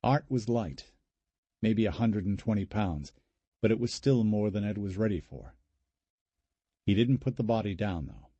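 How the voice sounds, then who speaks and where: Male audiobook narrator, low, husky, dry close read, measured. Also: no room sound, highs cut off. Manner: measured, even storytelling. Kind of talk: scripted narration.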